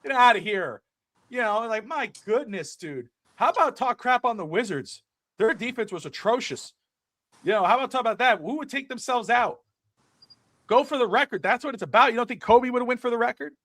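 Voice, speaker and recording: A middle-aged man co-hosting a casual sports talk show, ranting with animated energy and swearing freely. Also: extremely high pitch, fairly quick, no echo. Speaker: podcast co-host.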